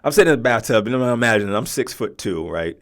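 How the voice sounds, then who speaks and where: A man's voice: mid-range voice, animated, fast, fairly bright tone. A man in his forties, hosting a podcast and telling a personal story in a conversational way, often checking in with the listener. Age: 40s. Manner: conversational, often asks "right?". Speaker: podcast host.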